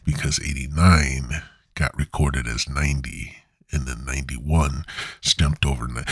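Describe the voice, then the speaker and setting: A man's voice: a bass voice, fairly even intonation, measured pace, slightly rough, dry recording, studio quality. A man hosting his own podcast, rambling and joking crudely with many restarts. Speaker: podcast host. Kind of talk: rambling solo podcast monologue.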